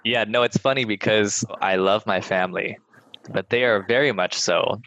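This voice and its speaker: A man's voice: fairly low pitch, moderate pace, fairly bright tone, no echo. A young man, a podcast guest, telling personal stories candidly and swearing casually. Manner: frank, casual swearing, lots of "like". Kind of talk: candid storytelling. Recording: slightly muffled, dry.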